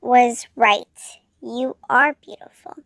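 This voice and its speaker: A woman voicing a tall, faceless, formal male killer, in a polite manner and meant to sound deep and gruff, while reading a fanfiction aloud. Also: slow pace, fairly bright tone, no echo, studio quality, heavily acted.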